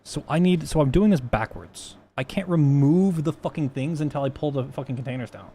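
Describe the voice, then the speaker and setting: During a laid-back coding livestream, a man with a slightly high, dark voice talks fairly quickly. He rambles, curses and frequently starts his sentences again.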